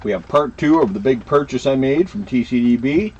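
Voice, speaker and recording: A man's voice: medium pitch, animated, brisk, a little mellow. A man co-hosting a casual chat, rambling and friendly with lots of fillers. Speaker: co-host of a card collecting channel. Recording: muffled lo-fi with faint hiss.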